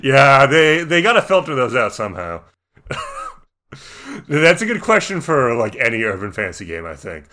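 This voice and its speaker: A man's voice: medium pitch, huge pitch swings, moderate pace, pushed and bright. A man in casual chat about a tabletop game, thinking aloud with lots of restarts. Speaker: tabletop game podcast co-host.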